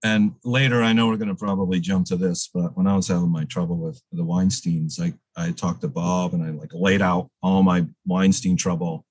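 A man's voice: low-pitched, fairly even intonation, moderate pace, few pauses, darkish tone, no echo, poor audio. A man guest in a casual interview, telling rambling stories full of fillers and restarts.

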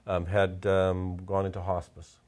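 A man, a portrait photographer, telling stories in a casual interview, halting and repeating words as he gets emotional. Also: sits low, completely flat delivery, a little mellow.

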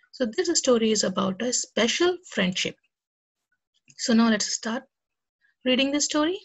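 A woman's voice: on the high side, husky. A woman teaching a lesson to young children and reading them a story, talking to them cheerfully and directly. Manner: cheerful, speaks directly to kids.

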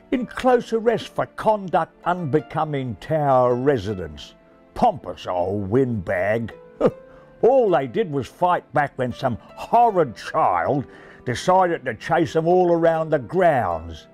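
A man's voice: medium pitch, sing-song, slow pace, a little mellow. Man doing a cheeky raven, smug, mocking, bouncy lifted voice, storybook, faint music. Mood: boastful. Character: smug know-it-all male raven. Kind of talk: storybook reading.

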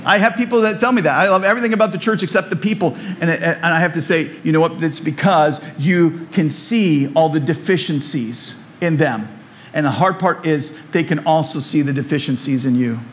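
A pastor preaches a sermon in a church sanctuary, speaking a little fast in a voice on the high side. His style is conversational and repetitive, with humorous asides.

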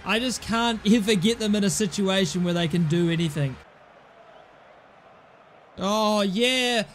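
High-voiced man, exasperated game commentary. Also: a little slow, faint music behind. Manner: exasperated, sarcastic, swears a lot. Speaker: gaming channel host. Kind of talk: casual gameplay commentary.

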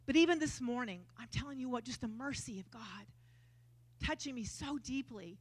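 A woman preacher, telling stories in a lively sermon with self-mocking humor at a church service. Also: high voice, moderate pace.

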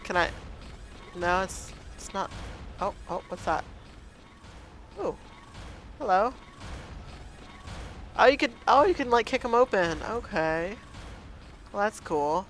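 A man's voice: sits high, lively intonation, slow pace, pauses often, a bit bright, slight background noise. A man doing let's play commentary, hesitantly muttering to himself as he works out the game controls. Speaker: gameplay commentator.

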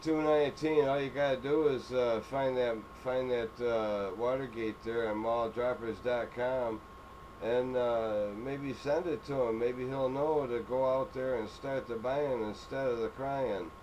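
A man's voice: mid-range voice, fairly even intonation, unhurried, a little mellow, highs cut off. A man from upstate New York chatting on CB radio, drawing out his call signs and sign-offs. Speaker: CB radio operator. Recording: noisy radio recording with clicks.

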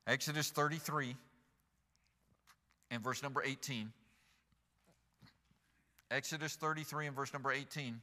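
A man preaching a sermon as pastor, animated, rising to loud emphatic peaks and joking asides with the congregation. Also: mid-range voice, measured pace, pauses often. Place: church sanctuary. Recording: long church reverb.

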